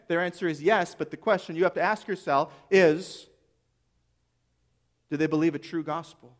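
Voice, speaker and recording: A man delivering a sermon in a slightly high, earnest voice. He preaches emphatically and poses rhetorical questions, letting key phrases land slowly. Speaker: pastor.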